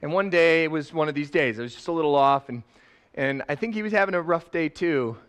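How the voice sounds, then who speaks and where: Middle-aged pastor, lively sermon delivery, big swings from loud to quiet. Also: male voice, on the high side, a little fast, clear, resonant tone. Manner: animated, laughing, swings from loud to soft. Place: church sanctuary.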